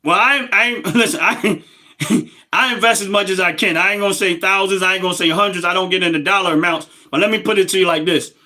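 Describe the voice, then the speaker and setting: A man's voice: high-pitched, quick pace, bright, forceful tone. A middle-aged man, hosting a casual livestream and talking emphatically straight to his viewers. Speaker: livestream host.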